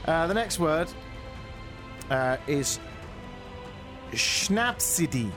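A man's voice: on the high side, animated, a little fast, music in the background. A young man in his twenties, co-hosting a casual radio chat, playful and jokey, stumbling over foreign words. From England. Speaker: radio co-host.

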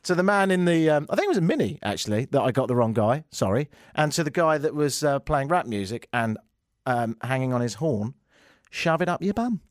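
A man's voice: medium pitch, sing-song, brisk, no room sound, clean studio sound. A man hosting a radio talk show, telling jokey stories and acting out the other people in them with a raised voice. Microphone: studio microphone.

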